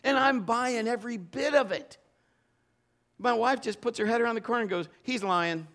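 A middle-aged man preaching a sermon in a church, telling stories and acting out the quotes in lively voices. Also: very high voice, a little fast. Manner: animated storytelling with acted-out quotes. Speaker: pastor.

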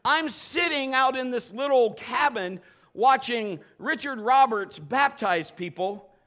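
A man pastor preaching a lively live sermon, urging his congregation to join in. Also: very high voice, takes it slowly. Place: church sanctuary with a congregation.

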